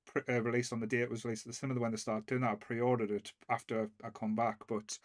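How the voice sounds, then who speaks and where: A man's voice: medium pitch, little pitch movement, fast, no echo, clean studio sound. A man with a Northern English accent hosting a casual podcast chat, rambling with lots of fillers. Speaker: podcast host.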